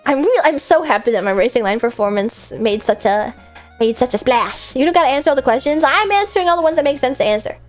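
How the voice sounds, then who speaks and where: Young woman VTuber, late-night Q&A, higher voice, tired, chatty, deadpan edge, soft music under. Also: fast talker. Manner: chatty, self-deprecating, drifts into deadpan. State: late-night tired, coming down from an energy drink. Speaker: VTuber streamer. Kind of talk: casual livestream Q&A, reading fan messages aloud.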